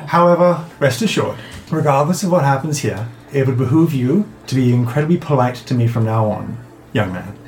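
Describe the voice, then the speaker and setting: A man's voice: medium pitch, animated, fairly quick, reverberant, slight background noise, lightly acted. A man voicing an elderly woman crime matriarch who speaks in a genteel, icily polite way. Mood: menacing.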